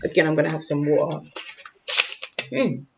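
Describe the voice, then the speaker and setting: A man with a slightly high voice gives a loose, chatty tarot reading. He keeps checking in with a quick "okay?" and tosses in casual slang. The recording is dull and lo-fi, with faint noise behind him. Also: fairly even intonation, vocal fry. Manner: informal, peppered with "okay?" and "like", loose slangy phrasing. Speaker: tarot reader.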